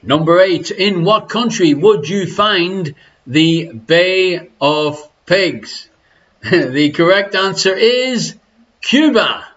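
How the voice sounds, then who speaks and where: High-voiced Irish quiz host, unhurried. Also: male voice, animated, fairly bright tone, muffled recording. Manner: jokey, teasing, crude asides. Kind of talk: live-streamed pub quiz banter. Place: living room at home.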